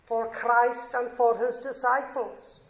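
A man's voice: very high voice, flat delivery, slow. A man preaching a sermon in an earnest, emphatic way, lifting his voice on scripture quotes. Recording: echoey room.

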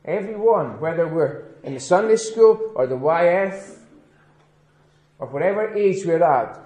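A man as a pastor giving a children's address in church, speaking gently and slowly repeating key words for emphasis. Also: high voice. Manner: gentle, questioning children, slow emphatic repetition. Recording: echoey church room.

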